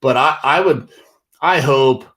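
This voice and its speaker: A man, hosting a casual livestream with animated, exasperated talk full of fillers. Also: mid-range voice, takes it slowly. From Northeastern US. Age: 40s. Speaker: livestream host.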